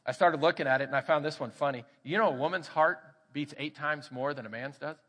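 Texan male pastor, lively sermon storyteller, bright edge, church hall reverb. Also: a little high, fairly quick. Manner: animated storytelling, acts out quoted voices. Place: church sanctuary.

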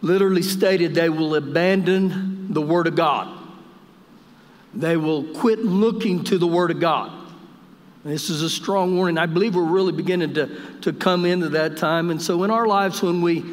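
A man with a notably high voice preaches a live Sunday sermon, jovial and talking directly to his congregation. The church around him rings with a long reverb. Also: moderate pace. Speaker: pastor. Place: church sanctuary during service.

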